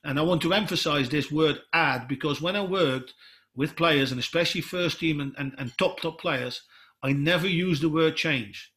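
Man, middle-aged, football coach, explanatory talk to coaches, somewhat high voice, frequent restarts. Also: normal speed, a bit bright. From Netherlands. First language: Dutch. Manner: explanatory, retells dialogue, many restarts. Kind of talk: presentation to coaches.

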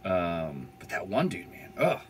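A man's voice: low-pitched, big pitch swings, measured pace, background noise. A young man telling a van-life story in a casual, rambling way, full of fillers and swearing. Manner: rambling, laid-back, swears freely, many "like" fillers.

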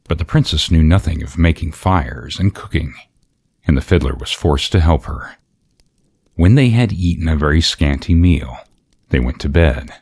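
A man narrating a fairy tale in a gentle, measured way. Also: a bass voice, a little hiss or hum. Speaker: storyteller.

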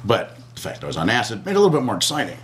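A man telling an animated personal anecdote as an interview guest, acting out screams and quoted lines. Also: lowish voice, very fast. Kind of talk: storytelling anecdote.

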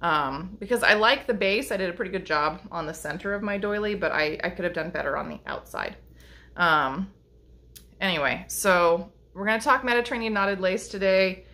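Chatty woman, bright voice. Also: on the low side, normal speed. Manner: chatty, rambling with many ums and restarts. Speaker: lace-making vlogger and teacher. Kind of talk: casual chat showing crafts to camera.

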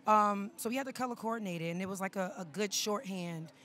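Woman guest, casual red carpet chat, mid pitch, laughs often, rambling. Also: fast, fairly bright tone. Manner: chatty, laughing, loose storytelling.

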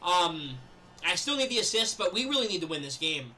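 A young man giving live commentary over his own gameplay, chatting casually and then yelling and laughing at big plays. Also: high-pitched, fairly quick. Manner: excitable, yells and laughs at plays. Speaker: gaming video creator.

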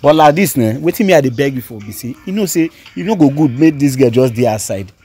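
A man's voice: mid-range voice, animated, quick pace, mellow, husky, faint music behind. A man speaking Nigerian Pidgin, playing a friend who scolds and keeps pressing with questions. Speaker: actor in a comedy skit. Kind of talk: skit acting.

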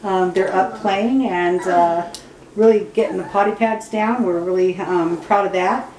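A woman's voice: medium pitch, steady tone, unhurried, a little mellow. A woman breeder talking casually about her puppies, slipping into cooing baby talk. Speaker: dog breeder. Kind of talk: casual vlog narration. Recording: roomy, from far off, noisy.

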